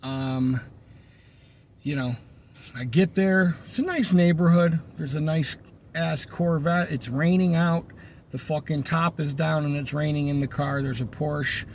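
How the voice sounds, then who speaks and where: A man's voice: on the high side, a little slow, a little hiss or hum. A man who works in pest control, telling a work story in a casual, profane, exasperated way.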